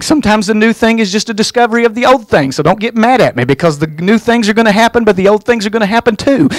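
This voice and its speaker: High-voiced fervent man preaching a revival sermon. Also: no echo. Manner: fervent preaching, swinging from quiet asides to loud shouted calls; folksy humor. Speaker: guest pastor. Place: church.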